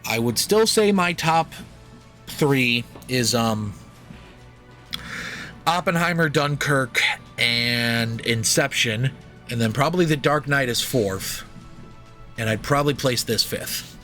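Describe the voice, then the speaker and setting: A young man co-hosts a film podcast, reviewing a movie in rambling, jokey, profane casual chat. His medium-pitched voice is pushed and bright with lively intonation, but he talks slowly and pauses often. Soft music plays in the background.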